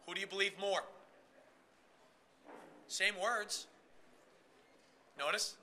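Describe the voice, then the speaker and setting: Male sales trainer, live workshop, high and very bright voice, energetic, demonstrative delivery. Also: slow, long pauses, a little hiss or hum. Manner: energetic, demonstrative, addresses the room directly. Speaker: trade show sales trainer. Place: room with a live audience.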